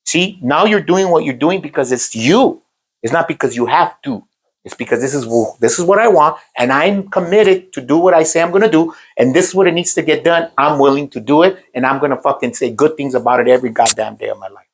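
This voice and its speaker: A man's voice: on the high side, fairly quick, rough recording. A man in casual motivational chat, blunt and profane, dropping phrases into his talk. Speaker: co-host.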